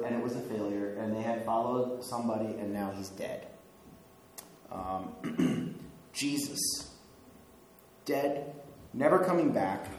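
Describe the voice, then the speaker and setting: A male pastor preaching in an easy, conversational way, often chuckling and putting questions to his listeners. His voice is caught in a hugely echoey church hall, with a faint hiss underneath. He sits at a middling pitch. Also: darkish tone. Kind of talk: sermon.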